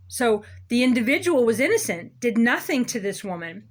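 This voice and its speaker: A woman's voice: on the high side, big pitch swings, normal speed, hardly any pauses. A woman delivering a sarcastic, emphatic ranting monologue as a local commentator. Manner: sarcastic, emphatic, self-mocking.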